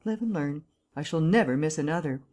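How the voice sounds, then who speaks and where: A woman voicing a breezy, teasing young English gentleman. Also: low voice, expressive, a little fast. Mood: jovial. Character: jovial hearty young English gentleman journalist.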